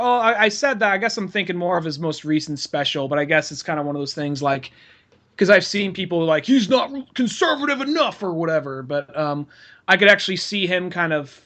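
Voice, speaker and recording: A man's voice: a little high, a bit bright. A man co-hosting a podcast, chatting casually with hedges and swearing. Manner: chatty, hedging, profane. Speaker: podcast co-host. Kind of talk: casual chat.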